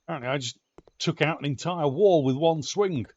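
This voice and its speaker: A man's voice: a little high, fairly quick, darkish tone, muffled recording. A man with an Ulster Scots accent giving casual let's-play commentary, chatty and muttering to himself, now and then swearing. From Northern Ireland. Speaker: game streamer.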